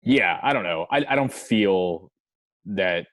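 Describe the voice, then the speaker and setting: Young male guest, very low voice, dry close sound, halting casual talk with loose swearing. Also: expressive, a bit bright, no echo. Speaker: guest, musician. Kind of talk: casual chat.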